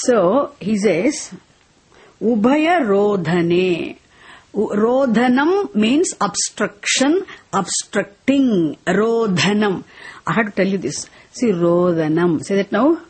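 A woman teaching Sanskrit words in a slow, deliberate class lesson, having students repeat after her. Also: medium pitch, lively intonation, a little mellow, slightly rough. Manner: slow deliberate explaining, switching into Tamil and chanting verses. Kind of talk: class lesson with call-and-response recitation.

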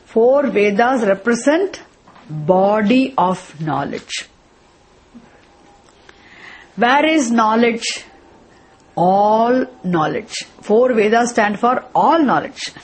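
Breathy woman teaching a scripture class. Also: on the high side, expressive, drawn-out words, pauses often. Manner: repetitive, questioning, restarts phrases. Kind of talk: classroom lecture.

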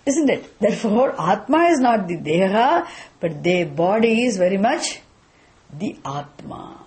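A woman's voice: medium pitch, sing-song, a little slow, darkish tone, breathy edge. A woman teaching a scripture class, asking questions and answering them herself, repeating the key phrases. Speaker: Vedanta teacher.

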